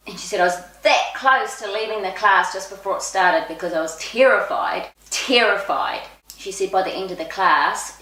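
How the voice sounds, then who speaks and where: A woman, telling personal stories in a casual vlog, chatty and expressive, acting out what people said. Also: mid-range voice. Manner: chatty and expressive, acts out quoted speech. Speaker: vlogger. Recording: echoey room.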